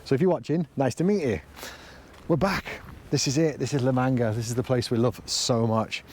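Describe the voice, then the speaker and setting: Earnest dad vlogging outdoors. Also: male voice, mid-range voice, brisk, a little mellow. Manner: earnest, emotional, rambling. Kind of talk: casual vlog talk to camera. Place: outdoors by the sea, then in a camper van. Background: faint wind and outdoor ambience.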